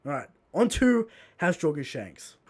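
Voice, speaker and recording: A man's voice: fairly high pitch, very animated, measured pace, noisy background. A man hosting a live podcast, chatting casually and running segments with mock-solemn playfulness. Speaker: podcast host.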